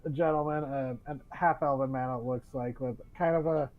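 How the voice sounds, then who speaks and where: A man acting as game master for a tabletop game narrates in a mid-range voice with fairly even intonation at normal speed, rambling with many fillers and restarts. The recording is dull and lo-fi.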